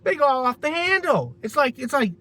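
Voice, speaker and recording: Male vlogger, high bright voice, casual rant, stumbles and restarts, lots of cursing. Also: big pitch swings, normal speed. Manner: rambling, restarts a lot, heavy swearing. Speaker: vlogger telling a personal story.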